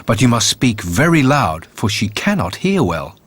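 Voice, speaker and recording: A man voicing a cunning, poor young farmer in a storybook, sly and quick. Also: mid-range voice, big pitch swings, fairly bright tone, breathy edge.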